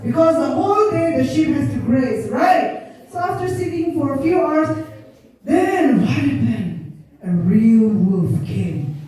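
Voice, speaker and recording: A woman teacher slowly telling a story to schoolchildren and explaining words as she goes, recorded in an echoey classroom from a distance. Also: high voice, expressive, darkish tone. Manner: slow and explanatory, defining words. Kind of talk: storytelling lesson to children.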